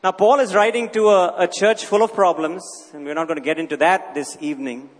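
A man's voice: high voice, steady tone, fairly quick. A man preaching a sermon, teaching with emphatic rhetorical questions and repeating his key phrases. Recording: long reverb of a large hall.

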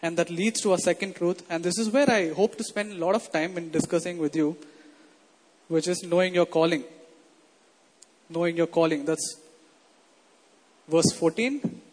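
High-voiced man preaching in a hall. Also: steady tone, moderate pace, pauses often. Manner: conversational, asks the congregation questions. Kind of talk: sermon. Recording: long hall reverb.

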